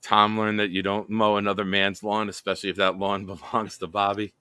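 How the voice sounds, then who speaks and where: Low, bright-voiced man hosting a live stream. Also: level tone, brisk, clean tone, no echo. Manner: laughs often while reading comments aloud. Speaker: live show host. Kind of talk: casual live-stream chat, reading viewer comments.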